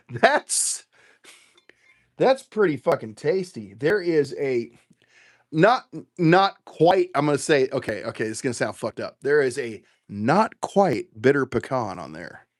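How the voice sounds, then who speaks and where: A man's voice: medium pitch, very animated, a little slow. Profane rambling man tasting whiskey. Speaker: bourbon livestream host. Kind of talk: casual livestream chat, tasting and reading comments.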